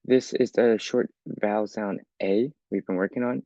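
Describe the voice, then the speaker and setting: Man, English teacher, patient step-by-step explaining, low pitch, gravelly, dull lo-fi recording. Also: fairly even intonation, measured pace, a little mellow, no echo. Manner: patient, explains step by step with frequent "okay?" checks. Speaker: ESL teacher.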